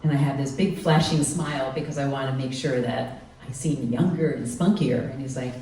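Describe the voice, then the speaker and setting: A woman's voice: a bass voice, fairly even intonation, normal speed, warm tone. A woman in her twenties telling a personal story live on stage, acting out the people she quotes. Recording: echoey room, mic from far off, faint noise.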